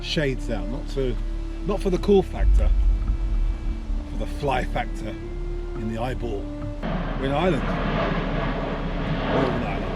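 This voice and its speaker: A man from East London, a vlogger and artist, chatting casually and laughing easily as he cycles through a city. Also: medium pitch. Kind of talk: casual travel vlog narration. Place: outdoors cycling through a city.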